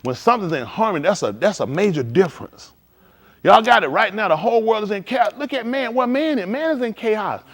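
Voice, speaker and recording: A man preaching in a casual, conversational style, swinging from quiet to loud and acting out conversations. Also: high voice, brisk. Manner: animated, shifting between quiet and loud, acts out dialogue. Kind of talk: livestreamed sermon.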